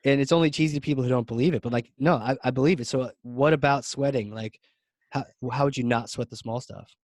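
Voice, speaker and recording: A man hosting a podcast interview, talking casually and enthusiastically in quick bursts. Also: medium pitch, steady tone, a little mellow, dry recording. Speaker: podcast host.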